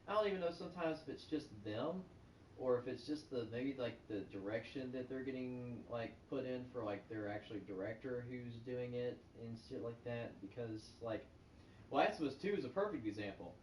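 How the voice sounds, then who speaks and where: A man's voice: medium pitch, moderate pace, darkish tone, distant mic. A man rambles through a casual chat about games, filling gaps with "like". He sits back from the mic in an echoey room. A faint hiss sits under his voice. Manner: rambling, heavy on filler "like". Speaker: guest.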